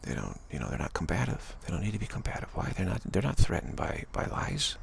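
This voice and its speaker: A man giving a rambling, gentle spiritual talk, full of repeated phrases and "you know.". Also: sits low, wildly swooping pitch, quick pace, gravelly, a little hiss or hum. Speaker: spiritual speaker.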